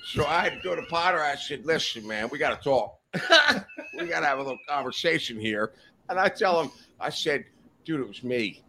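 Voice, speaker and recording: A man's voice: a little high, huge pitch swings, normal speed, bright, forceful tone, slight background noise. A man guest on a casual podcast, telling profane, rowdy anecdotes and acting out the quotes. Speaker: podcast guest, reptile breeder. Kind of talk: casual storytelling chat.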